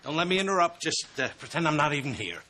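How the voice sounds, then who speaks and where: A man's voice: fairly high pitch, very animated, fast talker, sharp tone, slight background noise. A man playing a sarcastic, grumbling sitcom husband. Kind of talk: sitcom acting.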